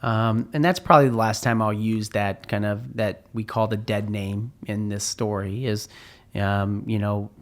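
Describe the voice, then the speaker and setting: A man's voice: lowish voice, steady tone, a little slow. A middle-aged man hosting a podcast and telling a personal story in an earnest, heartfelt way, often restarting his sentences. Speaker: podcast host.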